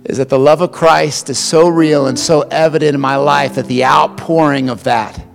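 A male pastor preaching a sermon, swinging between loud passionate emphasis and hushed quiet stretches, often repeating words as he starts a phrase. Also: medium pitch, vocal fry, big-room sound.

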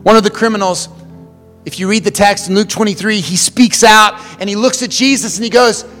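A male pastor preaching a sermon, swinging between loud passionate emphasis and hushed quiet stretches, often repeating words as he starts a phrase. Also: sits high, fairly even intonation, a little fast, long reverb tail, faint music behind.

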